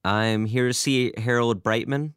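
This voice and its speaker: A man's voice: medium pitch, fairly even intonation, unhurried, fairly bright tone, smooth, no room sound, studio quality, voice pushed up, close to an everyday voice. A man doing Albert, a prim insistent man. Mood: polite.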